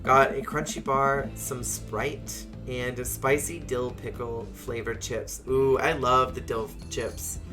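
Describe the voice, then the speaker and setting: A streamer reading a story game aloud and chatting with viewers in an expressive, chatty way. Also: medium pitch, slow, hardly any pauses, over music. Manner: expressive, chatty, reads aloud and answers chat. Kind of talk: let's-play game reading and chat.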